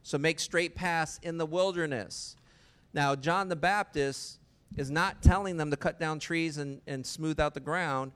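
Smooth-voiced man preaching conversationally. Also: a little high, unhurried, a bit bright. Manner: conversational preaching with rhetorical questions. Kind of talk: sermon.

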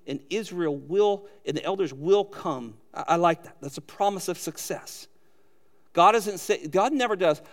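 A male pastor preaching a sermon, animated, acting out quoted voices as he goes. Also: sits high, moderate pace, long reverb tail.

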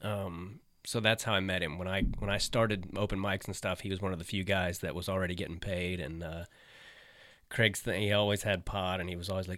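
A man's voice: deep voice, level tone, brisk, fairly bright tone, dry recording, clean studio sound. A middle-aged man, a stand-up comedian, telling a story in casual, laid-back chat, swearing and livening up when he quotes friends.

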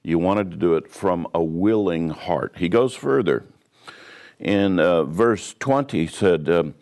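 A man teaching a sermon, reading and explaining scripture in an unhurried way, with frequent pauses and restarts. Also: sits low, a little mellow. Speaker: pastor. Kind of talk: verse-by-verse Bible teaching.

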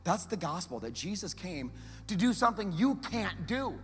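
Man, pastor, sermon, high voice, faint music underneath, rhetorical questions, loud-to-hushed swings. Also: moderate pace, big-room sound. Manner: animated storytelling, swinging from loud urgency to hushed emphasis; conversational, with rhetorical questions to the audience.

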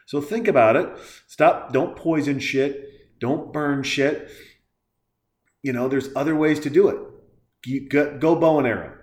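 A man's voice: on the high side, a little slow, long pauses, darkish tone. A man hosting a podcast, delivering a crude, heated and sarcastic rant as casual commentary. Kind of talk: profane ranting commentary. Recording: echoey room.

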